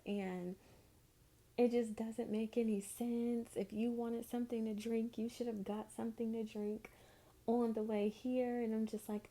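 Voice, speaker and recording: A woman's voice: on the high side, level tone, a little slow, mellow. A young woman vlogger telling a storytime tale in a chatty, exasperated way, speaking straight to her viewers. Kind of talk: storytime vlog.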